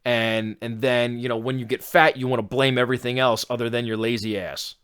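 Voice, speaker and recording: A man putting on a low, sneering mock voice of an imaginary figure urging someone to eat junk food. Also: level tone, fairly quick, a bit bright, clean tone, natural voice. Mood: sarcastic.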